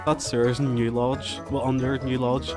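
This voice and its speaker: A man's voice: mid-range voice, level tone, a little fast, over music. A young man, hosting a comedic radio show and telling absurd stories with a straight face. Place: radio studio.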